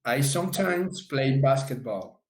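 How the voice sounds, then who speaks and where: A male student reading short example sentences aloud in an English class, slow and a little hesitant. His voice is mid-pitched and sounds echoey and distant. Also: expressive.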